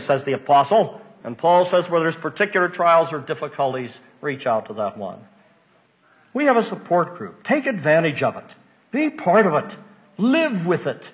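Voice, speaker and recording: An older man preaching a folksy, emotional sermon, moving between hushed asides and loud emphasis. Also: a little high, animated, brisk. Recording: dull lo-fi recording.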